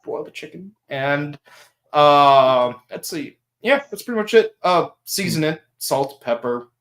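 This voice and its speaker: A man's voice: fairly high pitch, lively intonation, a little slow, fairly bright tone. A man hosting a podcast in casual chat, rambling, laughing often and slipping into silly voices. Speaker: podcast host.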